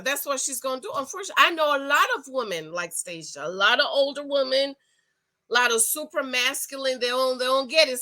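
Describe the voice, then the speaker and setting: Bright-voiced sassy woman reviewing reality TV. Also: on the high side. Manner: animated, sassy, repeats and restarts. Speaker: reality show commentator. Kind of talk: casual opinion review.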